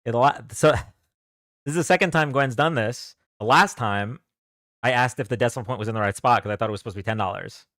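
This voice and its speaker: A man's voice: mid-range voice, fast talker, fairly bright tone, no echo, clean studio sound. A young man hosting a casual livestream, chatting loosely and thanking viewers for donations as he goes. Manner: chatty, thanks donors, reads chat aloud. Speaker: livestream debate host.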